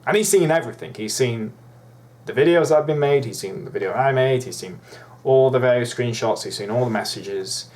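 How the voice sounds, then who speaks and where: A man's voice: mid-range voice, fairly quick, darkish tone. A young man ranting in a vlog, profane, indignant and rambling. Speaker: YouTuber.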